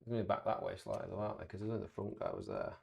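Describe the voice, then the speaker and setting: Gravelly low-voiced man bantering over a wargame. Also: sing-song, rapid-fire, darkish tone. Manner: dry, teasing banter with the opponent. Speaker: tabletop wargame player. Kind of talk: casual play commentary.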